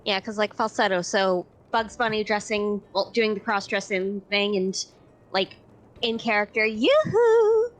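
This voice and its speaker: A woman's voice: medium pitch, level tone, moderate pace, a bit bright. A woman co-hosting a casual group read-through, teasing her friends playfully. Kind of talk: casual game commentary with friends.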